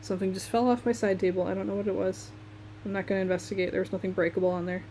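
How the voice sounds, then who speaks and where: Young Midwestern woman, mellow voice, relaxed live-stream chat while sketching, faint room hum. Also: medium pitch, rapid-fire. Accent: Midwestern American. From Michigan, USA. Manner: chatty, laughs often, talks while working.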